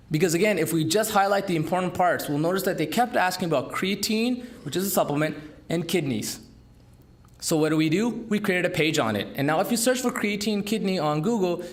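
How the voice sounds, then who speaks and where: A man giving a business talk to an audience, with an emphatic, lively delivery and rhetorical questions. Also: fairly high pitch. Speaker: entrepreneur speaker. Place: conference room.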